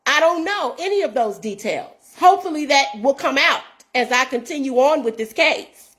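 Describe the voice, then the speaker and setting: A woman's voice: sits high, animated, normal speed, a bit bright. Earnest woman in her fifties. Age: 50s. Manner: earnest, addresses viewers as y'all, reads out messages. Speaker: show host. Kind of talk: casual storytelling to viewers.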